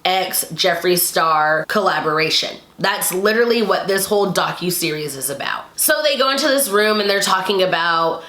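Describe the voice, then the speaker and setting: Brief: bright, chatty woman vlogger, roomy echo, rambling recap commentary. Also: on the low side, expressive, moderate pace, few pauses. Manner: chatty, frequent "like", exasperated asides. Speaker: YouTube commentator.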